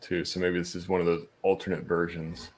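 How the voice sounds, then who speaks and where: Low-voiced easygoing podcast co-host man. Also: little pitch movement, a little fast. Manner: easygoing, reads chat aloud, chuckles. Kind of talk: casual live-stream chat.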